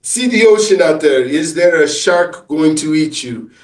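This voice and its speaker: Man acting as a calm friendly island hotel concierge, shaky put-on accent, raised pitch, distant roomy sound. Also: a little slow. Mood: soothing. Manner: put-on accent he admits is poor.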